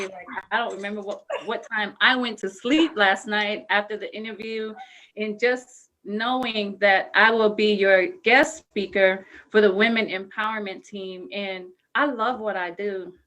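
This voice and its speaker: A woman's voice: medium pitch, a bit bright, poor audio. Effusive grateful Samoan woman guest. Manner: effusive and grateful, laughs often. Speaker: guest speaker. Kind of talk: live-streamed interview.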